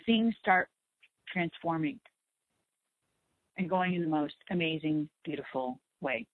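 A woman hosting a spiritual talk show, speaking slowly and gently, repeating herself to reassure listeners. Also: low voice, expressive, no room sound, phone-quality sound. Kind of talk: slow soothing talk on meditation and letting go.

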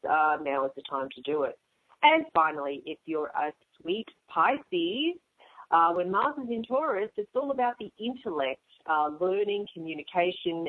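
A woman hosting a radio astrology show, talking through star signs in a chatty way with frequent ums and uhs. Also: on the low side. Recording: phone-like narrow radio sound.

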